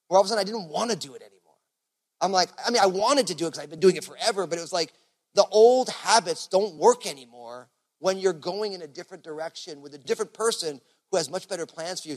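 A man preaching a sermon as pastor in a casual, conversational way, full of fillers like "you know". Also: high voice. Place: church service.

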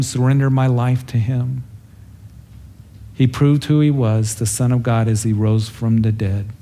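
Mellow-voiced male pastor teaching. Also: medium pitch. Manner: storytelling, acts out the characters with a raised voice; earnest and conversational. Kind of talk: verse-by-verse Bible teaching.

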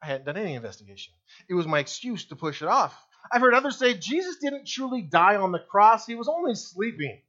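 Emphatic high-voiced male preacher, lo-fi. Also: big pitch swings, a little fast, bright, forceful tone. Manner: emphatic, fires rhetorical questions at the congregation. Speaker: pastor. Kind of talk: sermon.

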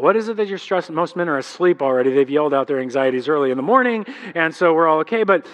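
Male pastor, thirties, high voice, conversational sermon, acts out quotes. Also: fairly bright tone.

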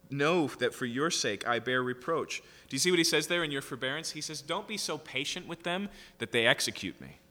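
Bright-voiced man preaching in a reverberant hall. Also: mid-range voice. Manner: reads scripture aloud and paraphrases it conversationally, with frequent "right?" asides. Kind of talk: sermon, Bible teaching.

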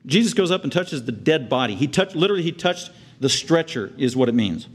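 Man preaching, hushed then soaring. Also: fairly quick. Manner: earnest preaching, swings from hushed tender lows to loud excited highs; acts out the crowd's outraged reactions in a raised voice. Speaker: pastor. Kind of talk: sermon.

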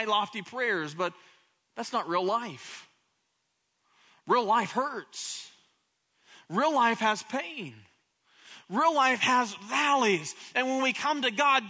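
High, bright-voiced preaching man. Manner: impassioned preaching, swings between hushed and loud; repeats words when starting phrases. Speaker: pastor. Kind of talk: sermon.

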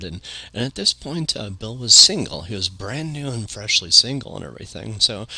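A man's voice: deep voice, vocal fry, pushed and bright, slightly rough. A man hosting a podcast, telling a long casual anecdote in a rambling way, full of filler phrases. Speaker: podcast host.

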